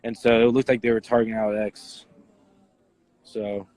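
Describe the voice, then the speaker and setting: A young adult man answering interview questions as an eyewitness, in a halting casual way with many fillers and restarts. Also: on the low side, little pitch movement, a little mellow, poor audio.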